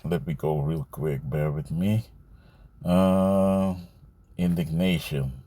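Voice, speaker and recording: A man teaching scripture in a loose, conversational way, reading verses slowly and commenting, often adding "man" and "you see". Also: very deep voice, steady tone, mellow. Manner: reads verses aloud slowly, then comments.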